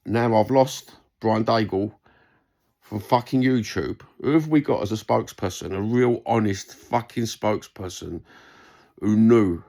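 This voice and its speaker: A man's voice: lowish voice, a little slow, vocal fry, dark tone. A man with a London accent delivering a heated, sweary rant to camera in reply to a comment, repeating his points. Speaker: vlogger responding to a comment.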